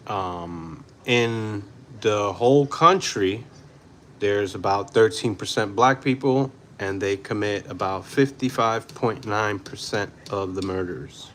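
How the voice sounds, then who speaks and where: A man in his forties from New York City hosts a livestream and talks bluntly over the chat. His voice sits low, and he takes his time, with long drawn-out pauses. He often slips into Spanish phrases. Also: fairly bright tone, slight background noise. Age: 40s. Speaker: livestream host. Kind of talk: casual livestream commentary reading chat.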